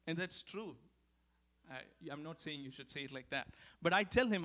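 A man preaching a sermon as pastor, earnest and repeating key lines for emphasis, swinging from emphatic calls to hushed, quiet stretches. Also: fairly high pitch, expressive, moderate pace.

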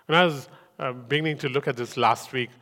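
A man preaches a sermon with emphatic conviction and repeats key lines for weight. His voice sits at an ordinary middle pitch. The sound rings out with a long reverb in a church hall. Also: steady tone, brisk, bright, forceful tone.

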